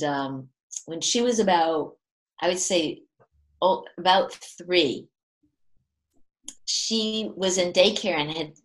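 A woman's voice: on the low side, rough recording. Chatty older woman telling stories. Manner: animated, acts out quoted voices, laughs often. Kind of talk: casual conversational storytelling.

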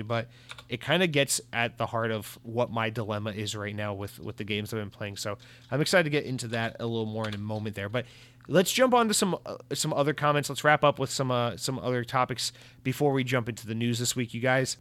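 An American man hosting a podcast in a casual, rambling way, reading out listener comments and reacting to them. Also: mid-range voice. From United States. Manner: rambling, animated, reads listener comments aloud. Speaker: podcast host. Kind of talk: casual solo podcast chat.

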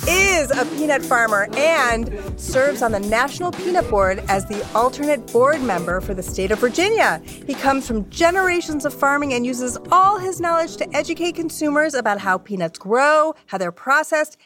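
A woman's voice: high voice, animated, normal speed, few pauses, music in the background. A woman hosting a podcast game show in a bubbly, playful way. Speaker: quiz show host.

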